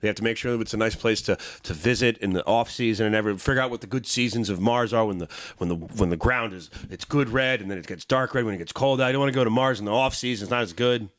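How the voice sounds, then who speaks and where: A man's voice: on the low side, quick pace, few pauses, a bit bright, no echo. Male podcast host, loose and jokey, swears, dry close mic. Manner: joking, swears freely, lots of fillers. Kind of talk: casual podcast chat.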